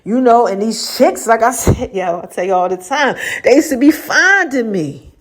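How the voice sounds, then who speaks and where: A woman's voice: fairly high pitch, lively intonation, normal speed. A woman podcast host telling a faith testimony in a casual, slangy way, acting out the voices of people she quotes and laughing often. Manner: laughs often while talking.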